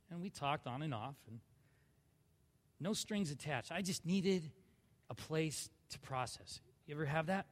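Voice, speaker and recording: A man in his thirties from southern California, telling his personal story in a sermon, swinging from hushed to loud. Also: a little high, normal speed, pauses often, big-room sound. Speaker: church speaker sharing testimony.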